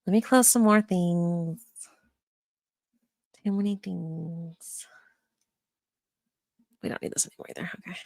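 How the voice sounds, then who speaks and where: A woman's voice: lowish voice, fast, a little mellow, dry recording, studio quality. A young adult woman streaming from her computer, chatting casually, rambling, swearing and muttering to herself as she searches. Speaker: streamer reviewing a live stream. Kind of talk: casual livestream chat. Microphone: desk microphone.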